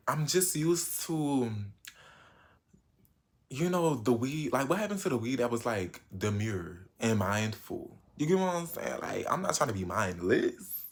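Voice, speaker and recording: A man in his late teens telling a casual storytime vlog, slangy and animated, with sudden jumps in pitch and loudness. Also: moderate pace. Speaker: vlogger.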